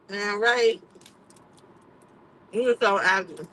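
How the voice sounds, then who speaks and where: A woman's voice: mid-range voice, slow pace, a bit bright, rough recording. A woman hosting her own livestream, chatting candidly and with plenty of swearing and laughter. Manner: candid, profane, laughs often. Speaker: livestream host. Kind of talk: casual livestream chat.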